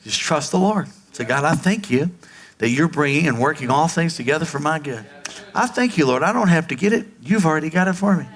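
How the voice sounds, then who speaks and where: A man's voice: a little high, lively intonation, fairly quick, a bit bright. A man preaching a sermon as pastor, acting out quoted voices and calling on the congregation to respond. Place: church sanctuary before a congregation.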